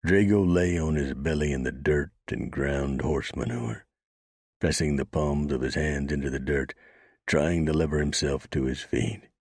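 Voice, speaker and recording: A man reads a western novel in a very deep, gravelly voice with a husky grain. His measured narration is recorded dry and close to the mic. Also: steady tone, a little mellow, dry recording. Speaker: audiobook narrator.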